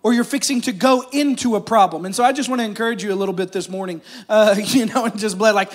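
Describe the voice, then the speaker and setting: Man, pastor, high voice, conversational sermon, calls out to the congregation. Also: a bit bright. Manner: conversational preaching with crowd call-outs and jokes. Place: church service.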